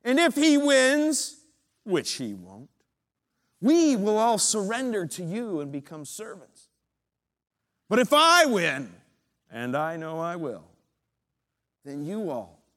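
A preacher acting out a huge, arrogant and angry warrior shouting slow taunts in a sermon. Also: male voice, fairly high pitch, very animated, exaggerated voice. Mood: taunting.

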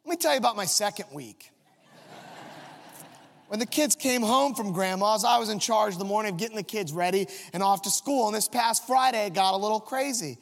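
Speaking fairly quickly, this high-pitched, gravel-edged pastor pokes fun at himself in a family anecdote during his sermon. The big hall gives his words a long echo.

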